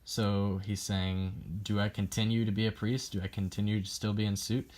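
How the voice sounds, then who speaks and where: A man's voice: fairly low pitch, little pitch movement, normal speed, a little mellow. A young man giving a class presentation on a poem, hesitant and full of ums, reading quotes aloud as he explains them. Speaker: student presenting a poem analysis.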